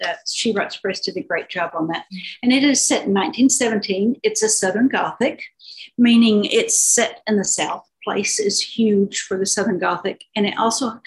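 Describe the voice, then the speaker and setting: A woman author over fifty is a guest in an interview, talking unhurriedly about her novel with fillers and restarts. Her voice is mid-range, and the recording is rough.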